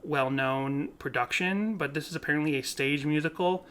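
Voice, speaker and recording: Male podcast co-host, bright tone, rambling casual delivery. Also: on the high side, moderate pace. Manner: rambling, laughs often, self-correcting. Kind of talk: casual chat.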